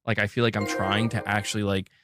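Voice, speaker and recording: A man speaking on his own stream in an earnest, halting way, full of fillers. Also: fairly low pitch, little pitch movement, noisy background. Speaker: streamer in played clip. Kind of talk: casual stream talk.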